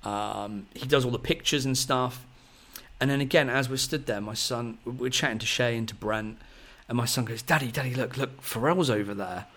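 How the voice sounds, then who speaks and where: A man in his thirties, a podcast host telling a long story in a rambling, excitable way, full of fillers. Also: medium pitch, normal speed. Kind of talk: casual storytelling chat.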